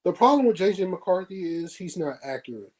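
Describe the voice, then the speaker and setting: A man co-hosting a football podcast, talking through stats and calling teams frauds. His voice runs slightly high, and he repeats himself with a dismissive edge. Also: big pitch swings, fairly quick, darkish tone, slight background noise, low-quality recording. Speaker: podcast co-host. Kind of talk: casual sports podcast chat.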